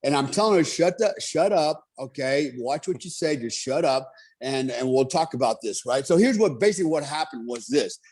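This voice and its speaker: A man's voice: medium pitch, lively intonation, normal speed, darkish tone, slightly rough. A middle-aged man telling stories as a guest in a casual podcast chat, blunt, profane and emphatic.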